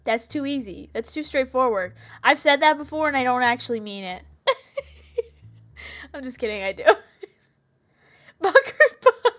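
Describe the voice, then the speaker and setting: A giggly woman streamer with a high, bright voice chats with her viewers, laughing through her own silly ideas. She talks at an unhurried pace, with faint music playing behind her. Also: animated. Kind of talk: casual chat with viewers.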